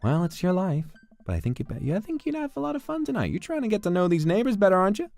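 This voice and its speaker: A chatty teenage girl with a gushing, emotional way of talking, as a man puts her on. She talks quickly with a lively, swooping lilt and a mellow, dark tone. Background music plays faintly. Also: high-pitched, creaky, voice pushed up, full character voice. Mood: coaxing. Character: chatty teenage girl, soft-hearted daughter. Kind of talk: video game character voice.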